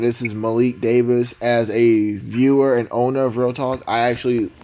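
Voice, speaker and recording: A man co-hosting a casual podcast, talking in a rambling, emotional way with many halting restarts. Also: medium pitch, a little mellow, slight background noise, rough recording. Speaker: podcast co-host.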